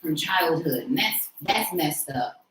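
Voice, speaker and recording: A woman's voice: low voice, animated, slow pace, a bit bright, reverberant, a little hiss or hum, poor audio. A woman in her forties hosting a podcast in frank, slangy casual chat, laughing often. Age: 40s. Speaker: podcast host.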